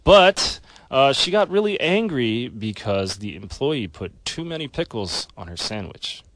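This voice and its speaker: Male radio news co-host, conversational, animated intonation, dry studio mic. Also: mid-range voice, measured pace, dry recording. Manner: relaxed, conversational, trails off. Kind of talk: casual radio banter.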